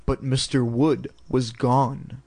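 A man's voice: medium pitch, little pitch movement, slow pace, a little mellow, husky. A man reading a children's story aloud in a casual, irreverent way, throwing in crude ad-libs. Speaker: reader.

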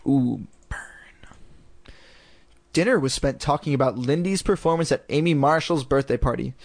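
A man with a slightly high voice reads a children's story aloud in a deadpan way, slipping in crude jokes as he goes. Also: fast, no echo. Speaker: narrator. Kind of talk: parody storybook reading.

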